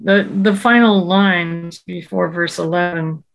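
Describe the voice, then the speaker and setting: Woman, Bible study member, low-ish voice with vocal fry, earnest discussion and scripture reading. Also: steady tone, slow pace, muffled recording.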